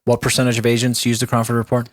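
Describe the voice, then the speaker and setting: A man's voice: mid-range voice, monotone, very fast, no echo, clean studio sound. A man co-hosting a real estate podcast, speaking earnestly and emphatically in casual chat. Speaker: podcast co-host.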